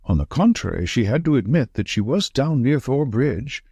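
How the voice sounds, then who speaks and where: A man reading a brisk, probing detective. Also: medium pitch, slightly rough, no room sound, studio quality. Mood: reasoning. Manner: brisk, probing, lively questioning. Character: sharp, confident male detective, middle-aged.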